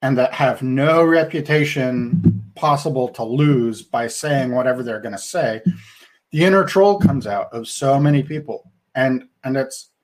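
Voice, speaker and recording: Slow, reflective man on a podcast. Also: mid-range voice. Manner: deliberate, reflective, with frequent restarts. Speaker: podcast co-host. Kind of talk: casual podcast discussion.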